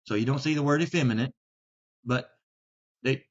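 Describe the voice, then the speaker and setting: Deliberate man explaining Bible versions. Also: medium pitch. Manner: deliberate, stresses key words. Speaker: Bible teacher. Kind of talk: explanatory video talk. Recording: slightly dull lo-fi sound.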